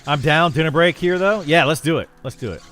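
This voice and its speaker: A man's voice: fairly high pitch, fairly quick, a bit bright, slight background noise. A young man streaming a game and chatting casually with viewers, rambling with lots of fillers and restarts. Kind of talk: casual livestream chat with viewers.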